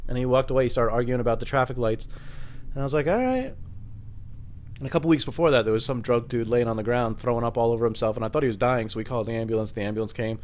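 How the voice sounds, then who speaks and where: A man's voice: medium pitch, flat delivery, very fast, darkish tone. A man rambling alone for his podcast at home in the kitchen, casual, profane and self-deprecating. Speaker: podcast host. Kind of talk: solo rambling monologue.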